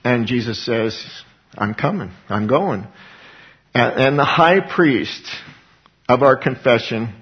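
Male preacher, conversational sermon, earnest folksy delivery, mid pitch, muffled lo-fi recording. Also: lively intonation, slow. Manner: earnest, folksy, rising to emphatic bursts, restarts and soft laughs. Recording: slightly dull lo-fi recording.

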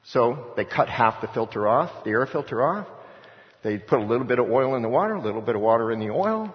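A man's voice: medium pitch, lively intonation, a little fast. A middle-aged man preaching a sermon as pastor, telling a story and exhorting with emphatic repetition. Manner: storytelling with acted-out voices of others. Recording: echoey hall, dull lo-fi sound.

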